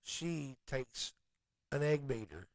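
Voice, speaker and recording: A man's voice: mid-range voice, lively intonation, takes it slowly, vocal fry, no echo, low-quality recording. A man co-hosting a radio show, chatting casually and pressing his points with earnest emphasis. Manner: earnest, emphatic, gets loud when passionate.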